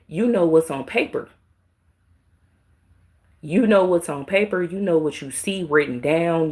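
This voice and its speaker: Mother, low-pitched, heated and emphatic monologue. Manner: heated, emphatic, repeats lines for force. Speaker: mother speaking out. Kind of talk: impassioned monologue.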